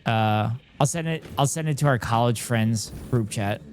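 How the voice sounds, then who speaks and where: A man's voice: mid-range voice, moderate pace, a little hiss or hum. A man in his thirties chatting casually on a live stream, reading and answering chat in a self-deprecating way.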